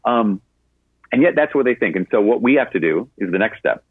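Catholic priest, male, lower-pitched and somewhat breathy, responding to a caller on air, narrowband broadcast sound. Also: animated, brisk, dry recording. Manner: conversational storytelling with frequent fillers. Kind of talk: answering a caller on a radio show.

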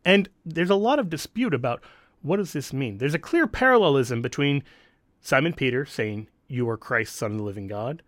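This is a man explaining scripture. He is an animated, emphatic Catholic teacher whose pitch rises and falls a lot, and he breaks off for quick asides. His voice is recorded dry, with almost no room sound. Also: dry recording.

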